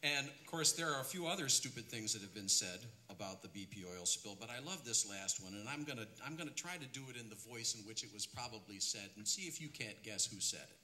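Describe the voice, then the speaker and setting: A man, a folk singer, introducing a song in relaxed, rambling stage patter on a concert stage for a live radio broadcast. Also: on the low side, a little fast, hardly any pauses. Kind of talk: stage patter between songs.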